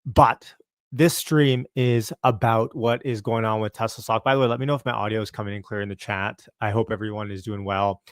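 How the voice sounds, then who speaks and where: A man from Canada hosting a casual stock market livestream at home, upbeat and chatty, greeting viewers by name and keeping his voice a little low. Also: fairly even intonation, brisk, clear, resonant tone, dry recording, studio quality. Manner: talking a bit lower and quieter to not wake the house. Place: home, early morning.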